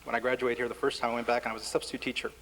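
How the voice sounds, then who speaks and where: A man's voice: medium pitch, level tone, very fast, fairly bright tone, a little hiss or hum, low-quality recording. A man speaking on a panel at a public forum in a wry, conversational way, with touches of self-deprecating humor. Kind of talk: panel discussion. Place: lecture hall forum.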